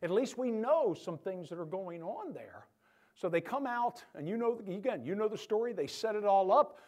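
A male pastor delivers a sermon in a high, lively voice that swings up and down. He jokes with the congregation and acts out the Bible figures as he tells their stories. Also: moderate pace. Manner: animated, joking asides to the congregation.

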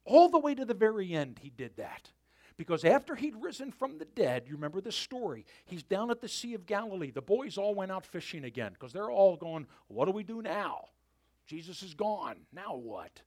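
A pastor preaching to his church, his voice pitched high and swinging widely as he tells the story. He animates the telling and then drops to a hushed near-whisper to land his point. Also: sing-song, fairly quick. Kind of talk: sermon.

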